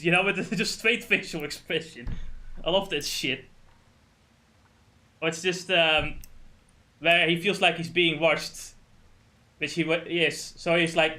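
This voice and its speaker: Man, livestreamer, bright tone, slightly high pitch, rambling, swears, trips over words. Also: steady tone, normal speed. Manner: rambling, swears a lot, stumbles over names. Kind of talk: casual gaming stream chat.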